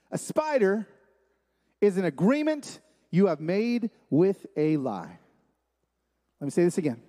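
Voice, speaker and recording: A man with a strikingly high voice preaches to a room full of listeners, telling stories emphatically and repeating his key points. His words ring out with a long hall reverb around them. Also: a little mellow. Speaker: speaker at a men's gathering. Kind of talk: sermon-style talk. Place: large room with a live audience.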